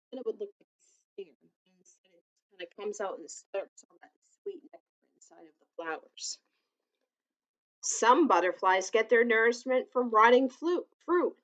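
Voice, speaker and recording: A woman reading a children's picture book aloud, gently adding asides that explain things to young listeners. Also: fairly high pitch, dull audio.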